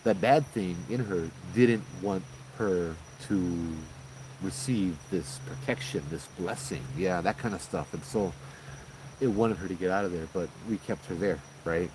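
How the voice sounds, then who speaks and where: Low-voiced man telling ghost stories. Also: a little slow, background noise. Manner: animated, conversational retelling with frequent "you know" and "right?". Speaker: paranormal storyteller host. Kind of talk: casual spoken ghost story.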